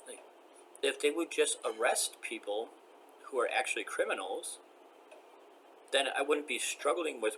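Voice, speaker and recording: A man's voice: medium pitch, expressive, measured pace, long pauses, fairly bright tone, a little hiss or hum. An upset man venting in a personal vlog rant, agitated, rambling and repeating himself.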